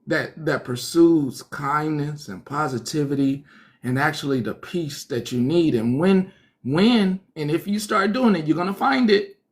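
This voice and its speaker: A man preaching casually on a livestream, animated and laughing often, acting out other people's thoughts in whispers. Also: a little high. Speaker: online pastor.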